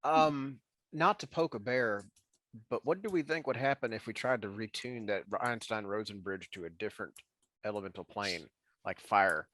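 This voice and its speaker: A man's voice: lowish voice, normal speed, fairly bright tone. A man playing a tabletop game, asking curious questions with restarts and stumbles. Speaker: player. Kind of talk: casual chat.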